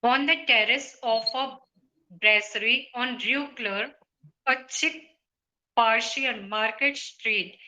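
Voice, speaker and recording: A woman's voice: on the high side, slow pace, sharp tone, low-quality recording. A woman learner reading an article aloud carefully during an online English lesson over a video call.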